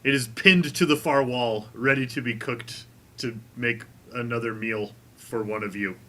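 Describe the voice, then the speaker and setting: Bright-voiced man running a tabletop game. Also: medium pitch, unhurried, a little hiss or hum. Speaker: game master.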